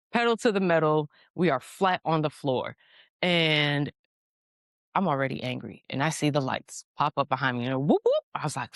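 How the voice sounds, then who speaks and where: Low-voiced, blunt, profane woman host. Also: dry recording, clean studio sound. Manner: blunt, profane, animated storytelling. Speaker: podcast host. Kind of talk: casual storytelling monologue.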